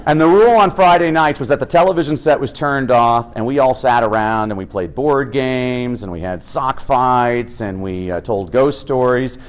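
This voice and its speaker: A middle-aged American man giving an energetic, humorous keynote talk as an education speaker. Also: medium pitch, normal speed, hardly any pauses, slight background noise. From United States. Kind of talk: keynote speech.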